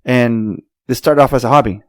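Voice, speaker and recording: A man's voice: medium pitch, moderate pace, no room sound, clean studio sound. A man hosting a podcast in casual chat, laid-back and loose with slang. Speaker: podcast host.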